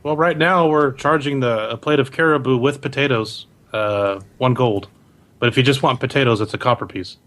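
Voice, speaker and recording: A man's voice: medium pitch, normal speed, a bit bright, natural voice. Chatty bartender guy a man doing him, leans in all confiding, tabletop game. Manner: leaning in, confiding tone. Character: male tavern bartender, chatty and curious. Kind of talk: tabletop role-play improvising.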